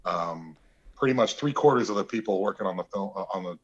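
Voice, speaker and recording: A man, an actor and interview guest, telling relaxed anecdotes and acting out quotes. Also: deep voice, a little fast, highs cut off. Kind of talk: casual interview storytelling.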